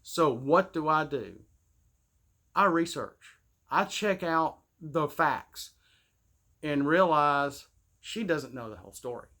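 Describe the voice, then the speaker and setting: A man's voice: fairly high pitch, animated, takes it slowly, long pauses, bright, forceful tone. A man ranting in a casual monologue. He sounds preachy and indignant and often stammers and restarts his sentences. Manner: rambling, with frequent stammered restarts. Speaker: gaming channel host. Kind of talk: casual spoken rant.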